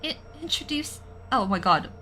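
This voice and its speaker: A woman's voice: fairly high pitch, big pitch swings, moderate pace, sharp tone, soft background music. A young woman streaming a game, chatting casually and playfully with her viewers between lines of dialogue, often giggling. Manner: giggly, playful, talks to chat. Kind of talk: casual gameplay commentary.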